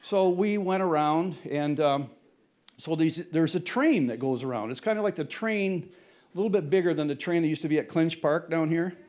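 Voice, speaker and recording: An older man stands on a stage at a brewery, telling an audience a true story in a rambling, self-correcting way and chuckling often as he goes. His voice is on the high side with a darkish tone, and he speaks at a moderate pace.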